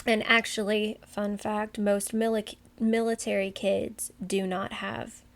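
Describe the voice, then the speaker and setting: A woman's voice: medium pitch, flat delivery, takes it slowly, vocal fry. A young woman co-hosting a podcast in casual chat, talking at length with many fillers and asides. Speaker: podcast co-host.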